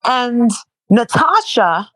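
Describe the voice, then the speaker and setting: A woman's voice: fairly high pitch, big pitch swings, drawn-out words, a bit bright, no room sound, rough recording. A woman being interviewed in casual chat, talking bluntly and profanely and repeating herself in bursts. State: sore and worn out from protesting. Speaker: interview guest.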